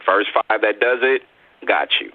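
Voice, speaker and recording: A man's voice: lowish voice, expressive, measured pace, no echo, narrow, tinny audio. A man co-hosting a live radio chat show, joking around, hyping up his guest and laughing often.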